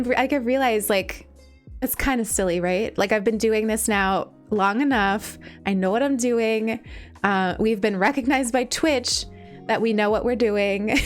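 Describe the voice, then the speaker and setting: A young woman streamer chatting casually and warmly thanking her viewers, getting emotional and laughing at herself often. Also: on the high side. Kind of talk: casual live-stream chat.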